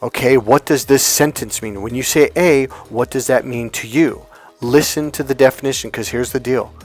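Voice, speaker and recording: Over faint music, a dating and relationships coach speaks at a normal pace in a medium-pitched voice. His motivational monologue is blunt and full of profanity, built on stories where he performs the quotes himself.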